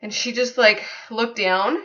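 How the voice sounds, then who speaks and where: A woman's voice: a little high, fairly even intonation, unhurried, sharp tone, highs cut off. A woman telling a personal story to her viewers in an earnest, conversational way, with many fillers. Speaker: vlogger.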